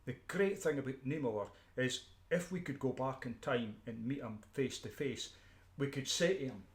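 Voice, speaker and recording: A Scottish man giving an unscripted, emphatic ranting monologue as a street preacher, often repeating himself, restarting and clearing his throat. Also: medium pitch, moderate pace, roomy sound.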